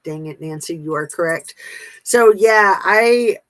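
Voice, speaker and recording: A woman's voice: fairly low pitch, unhurried, fairly bright tone, no room sound, rough recording. A woman host reading a memoir aloud, then chatting casually with viewers' comments, with fillers and self-corrections.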